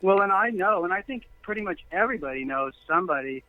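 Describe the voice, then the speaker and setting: A man's voice: high-pitched, animated, fast, no echo. Male caller on a tinny phone line. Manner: earnest, long-winded storytelling. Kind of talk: phone-in conversation. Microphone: telephone.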